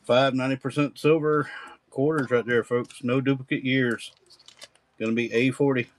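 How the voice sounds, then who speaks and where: A man's voice: mid-range voice, fairly even intonation, normal speed, slight background noise, rough recording. A man hosting a live-stream coin auction with folksy, rambling auctioneer patter.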